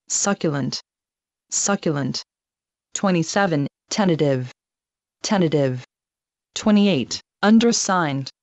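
A woman with a fairly low voice reads a vocabulary list at a very slow, deliberate pace, saying each word twice. The sound is dry and a little dull, like a lo-fi studio recording. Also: no room sound. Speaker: vocabulary reader.

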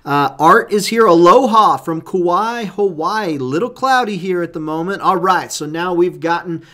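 A man's voice: sits high, expressive, a little slow, fairly bright tone. A man co-hosting a live stream, upbeat as he reads out viewers' comments and questions. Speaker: co-host reading viewer comments.

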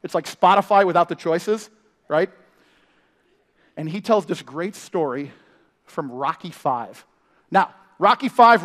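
A man preaching a sermon as family ministry pastor, telling stories with playful impressions and humor. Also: high-pitched. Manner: animated storytelling with impressions and humor. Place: church. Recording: live sermon in a reverberant hall.

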